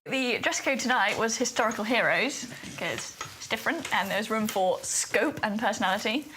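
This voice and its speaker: A woman's voice: fairly high pitch, lively intonation, moderate pace, noisy background. A woman hosting a dinner party, chatting nervously and self-deprecatingly. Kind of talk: casual chat at a dinner table. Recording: clattering cutlery and dishes behind.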